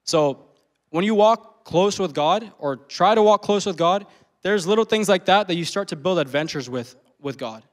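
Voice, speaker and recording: A man's voice: sits high, lively intonation, normal speed. Young man preaching in casual slang. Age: 20s. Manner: casual storytelling with slang, laughs often. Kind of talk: sermon with personal story.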